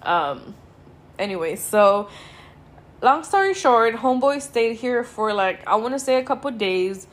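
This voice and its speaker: A young woman tells a story on her podcast in a loose, casual way. Her talk is full of swearing and filler words, and she sounds worn out and unhurried. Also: a little high, expressive. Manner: sweary, laid-back, drawn-out and tired. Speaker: podcast host.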